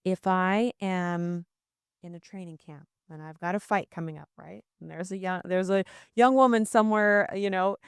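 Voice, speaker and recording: Smooth, low-voiced woman podcast host. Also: moderate pace, dry recording, studio quality. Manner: reflective, animated storytelling. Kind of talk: conversational interview.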